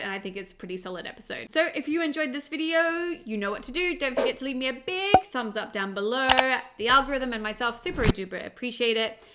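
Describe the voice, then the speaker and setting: A woman's voice: on the high side, a bit bright. An Australian woman, a parent, chatting in an upbeat way as she breaks down a cartoon episode. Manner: chatty and upbeat, laughs easily. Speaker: show reviewer and parent. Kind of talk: casual episode breakdown vlog.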